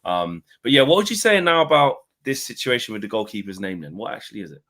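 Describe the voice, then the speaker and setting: Laid-back low-voiced bloke. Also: male voice, very animated, fast talker, fairly bright tone. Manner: laid-back, slangy and conversational. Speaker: co-host. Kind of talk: casual football chat.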